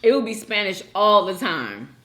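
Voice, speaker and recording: A woman hosting a casual couples chat, expressive and teasing. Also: mid-range voice, normal speed. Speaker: host.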